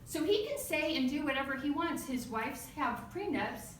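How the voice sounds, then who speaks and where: A woman from the United States giving a storytelling speech at a club meeting, acting out a quarrel with sudden loud outbursts. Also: high-pitched, animated, normal speed, a little hiss or hum. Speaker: club speaker. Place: meeting room. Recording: echoey room from far off.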